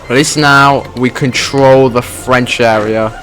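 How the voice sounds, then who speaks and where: A man's voice: medium pitch, fairly even intonation, slow pace, a bit bright. A man giving casual, joking gameplay commentary in a slangy way, calling people "dude". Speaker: gaming video creator.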